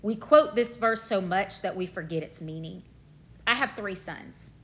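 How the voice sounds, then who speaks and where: A woman's voice: medium pitch, unhurried, a bit bright. A middle-aged woman preaching a passionate sermon, fervent and emotional, repeating phrases for emphasis.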